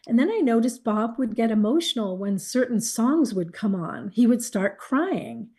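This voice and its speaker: A woman's voice: a little high, animated, normal speed, hardly any pauses, warm tone, slightly rough. A woman being interviewed, telling a candid personal story and quoting others with animation. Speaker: guest, caregiver wife.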